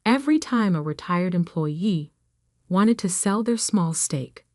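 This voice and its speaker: A woman narrating a first-person drama story in a calm, measured way. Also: fairly low pitch, no room sound, clean studio sound.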